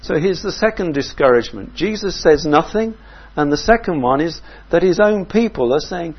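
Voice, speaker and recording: A man preaching a sermon in a measured, reflective way, often asking his listeners questions. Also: a little high, expressive, husky, lo-fi sound.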